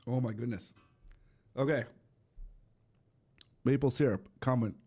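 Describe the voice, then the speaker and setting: Host, male, hoarse and coughing, rambling casual stream talk, mid-pitched. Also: normal speed, darkish tone. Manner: rambling, with many restarts and fillers; addresses viewers directly. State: losing his voice, coughing. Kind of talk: casual live-stream chat.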